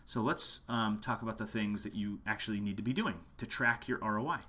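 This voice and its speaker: A musician with a lowish, pushed and bright voice speaks briskly as he teaches online marketing to camera. It's a casual but passionate lesson given at home late at night, and he hammers his points home by repeating them.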